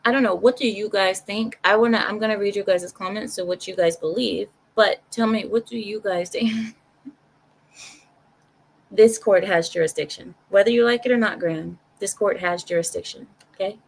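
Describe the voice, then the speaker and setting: An animated woman talking her opinions through on a casual live stream. She speaks directly to her viewers and circles back on phrases to press her point. Her voice sits at an ordinary middle pitch. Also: normal speed, gravelly, low-quality recording. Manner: animated, talks straight to chat, repeats herself for emphasis.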